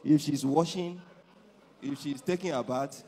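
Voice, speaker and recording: An actor playing a patient restaurant waiter who politely calls everyone sir. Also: male voice, fairly high pitch, unhurried, warm tone, breathy edge, big-room sound.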